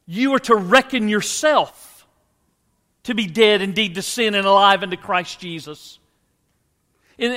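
High, bright-voiced preaching man. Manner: earnest, conversational preaching with rhetorical questions. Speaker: pastor. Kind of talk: sermon. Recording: long hall reverb.

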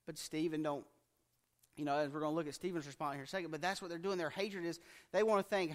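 A man's voice: a little high, steady tone, fast talker, long reverb tail. A man preaching a conversational sermon in a folksy manner, acting out what people in the scripture might say. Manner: folksy, acts out quoted speech in plain voice.

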